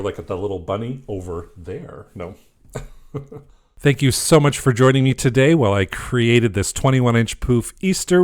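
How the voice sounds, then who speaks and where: A man narrating his own wreath-making craft video in a casual, chatty way, laughing at his own slip-ups. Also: medium pitch. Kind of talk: casual craft tutorial voice-over.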